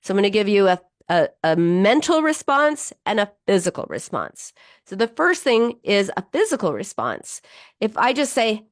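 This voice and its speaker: A woman hosting an advice radio show, answering listener questions in an animated, chatty way with fillers and restarts. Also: mid-range voice, a little slow, dry recording, studio quality. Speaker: radio show host and psychologist.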